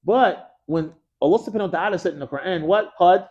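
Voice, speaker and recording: Man, energetic grammar teacher in a mosque classroom, slightly high voice, quizzing call-and-response style, casual slang. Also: fast, lo-fi sound. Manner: energetic, quizzes students with frequent "what?" prompts. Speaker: Arabic teacher.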